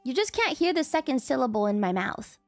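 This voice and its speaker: Excitable high-voiced woman streamer. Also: brisk, soft background music. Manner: excitable, swears, laughs often, yells at chat. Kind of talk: casual chat with chat.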